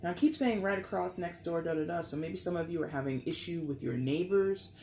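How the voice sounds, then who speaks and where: A tarot reader talks through a spread in a loose, casual way, swearing and slipping into acted-out bits. The voice sits in a middle pitch. It is recorded in a roomy space with a faint hum of background noise. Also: fairly quick, a little mellow. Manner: chatty, profane, acts out quotes.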